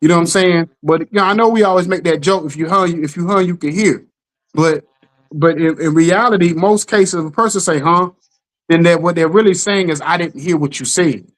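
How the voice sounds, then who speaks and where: Man, middle-aged, podcast host, casual chat, animated, acts out voices, keeps checking in with the listener. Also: fairly high pitch, fairly quick, poor audio. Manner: animated storytelling, acts out quotes, keeps asking "you know what I'm saying".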